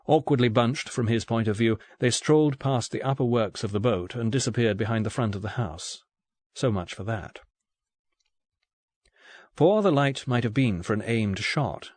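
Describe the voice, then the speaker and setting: A man narrating an audiobook in a steady, even reading voice. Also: on the low side, no echo. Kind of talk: scripted narration.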